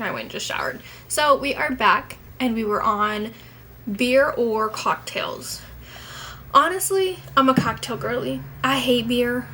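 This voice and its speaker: A woman's voice: a little high, pushed and bright, a little hiss or hum, rough recording. A young woman chatting casually to her camera at home as a vlogger, rambling and candid, swearing now and then.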